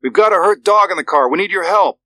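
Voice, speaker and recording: A man's voice: high voice, expressive, unhurried, pushed and bright, no echo, clean studio sound, voice pushed up, full character voice. A man voicing a tired, testy father on a night drive in an audiobook drama. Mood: shouting.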